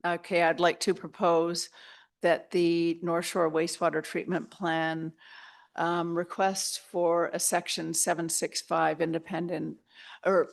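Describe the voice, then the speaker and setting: A woman city councillor presenting a motion at a council meeting in a formal, measured way. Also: fairly low pitch, level tone, creaky.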